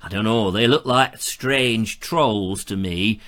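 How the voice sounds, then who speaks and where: A man's voice: lowish voice, takes it slowly, a bit bright, voice pushed down. A man putting on a Northern English accent to voice a blunt, folksy Northern man who drawls and says "aye" and "lad". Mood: jovial.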